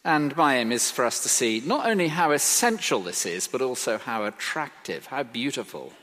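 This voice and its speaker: A man preaching a sermon, emphatic and expressive, asking rhetorical questions. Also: medium pitch, normal speed. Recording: reverberant hall.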